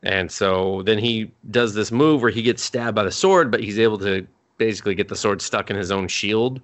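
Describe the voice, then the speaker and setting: A young man casually recapping an anime film, rambling and profane, and acting out characters in quick asides. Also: fairly low pitch, steady tone, a bit bright. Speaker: podcast co-host.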